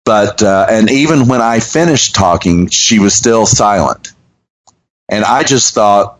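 A man, hosting a radio show and telling a story in an earnest, halting way with restarts. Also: fairly low pitch, low-quality recording. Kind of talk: conversational storytelling.

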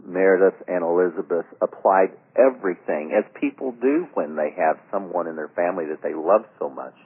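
A man's voice: low-pitched, a little fast, husky. A man co-hosting a radio talk show, a former pastor telling stories in a rambling way with many fillers. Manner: rambling storyteller, trails off with fillers. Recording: narrow phone-like radio sound.

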